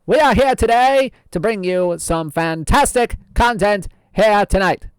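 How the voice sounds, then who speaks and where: A man's voice: high voice, clean tone, dry recording. A man doing a hammy old-timey radio announcer. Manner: theatrical, drawn-out, laughs at himself. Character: 1920s radio host, hammy and folksy. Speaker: host.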